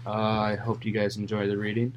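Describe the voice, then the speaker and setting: A relaxed young man hosts a Bible reading podcast, with a voice a little lower than most men's. He reads aloud, then recaps casually and drops in plenty of fillers. A faint hum sits under him. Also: fairly quick, dull audio. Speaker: podcast host.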